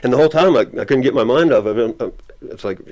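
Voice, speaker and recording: A man's voice: mid-range voice, expressive, rapid-fire, a little mellow. A man telling a story as an interview guest, rambling and laughing often. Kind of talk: casual storytelling.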